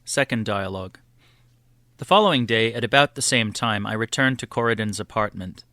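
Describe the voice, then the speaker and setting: A man reading a classic text aloud as an audiobook, in a calm, formal way into a close mic. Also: lowish voice, fairly quick, no echo. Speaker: audiobook reader. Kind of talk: scripted narration of a dialogue.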